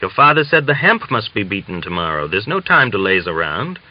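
Storybook old grandfather, grumbling and scolding, set higher than the narrator's own low voice; a man doing the voice. Dull lo-fi audiobook recording. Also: sing-song, a little fast. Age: older. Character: fussy old grandfather, easily alarmed.

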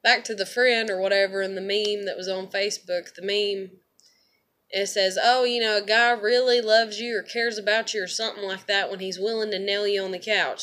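A woman's voice: mid-range voice, sharp tone. A woman vents in a blunt, profane, rambling monologue, often repeating words as she talks to her viewers. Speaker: vlogger. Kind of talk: casual venting monologue to camera.

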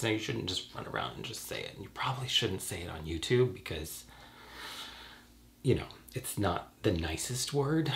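Casting note: young man, mid-pitched, stuffy with a cold, sarcastic and sweary vlog ranter. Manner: sarcastic, profane, animated ranting. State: has a cold. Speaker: YouTuber. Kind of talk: ranting casual vlog.

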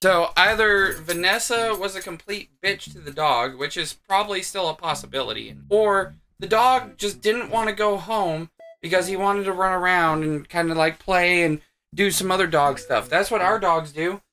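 A man's voice: high voice, normal speed, sharp tone. A man hosting a reaction video with sarcastic, crude, joking commentary. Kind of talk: casual commentary. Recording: faint music underneath.

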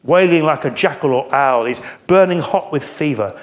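A male preacher delivers an earnest sermon, walking through a scripture passage and asking his listeners questions. His speaking voice sits a little higher than most men's. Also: expressive, normal speed.

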